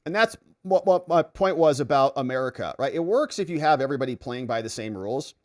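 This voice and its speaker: A man's voice: medium pitch, animated, fast talker. A middle-aged man hosting a livestream in casual chat, reading viewer comments aloud and telling jokey stories. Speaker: livestream host.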